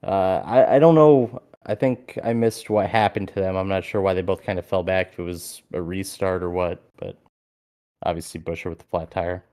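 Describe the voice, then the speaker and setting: A man co-hosting a podcast, telling a story in a lively, casual way and swearing freely. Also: low voice, normal speed. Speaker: podcast co-host.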